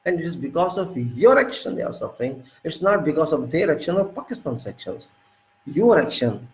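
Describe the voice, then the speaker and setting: A man's voice: a little high, very animated, a little fast, roomy sound, rough recording. A man with an Indian English accent giving an indignant political monologue, lecturing with repeated rhetorical questions. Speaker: political commentator.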